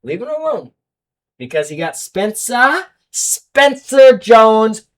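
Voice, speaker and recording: On his sports betting podcast, a young man with a high, very animated voice, picked up from a distance, launches into a heated rant about baseball fans. His volume swings fast from loud to muttering before he moves on to his picks.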